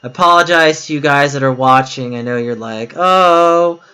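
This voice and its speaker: A man's voice: mid-range voice, a little fast, bright, forceful tone, clear, resonant tone. A man streaming a game, talking frankly and at length in casual chat, often restarting his sentences. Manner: frank, rambling, with many restarts.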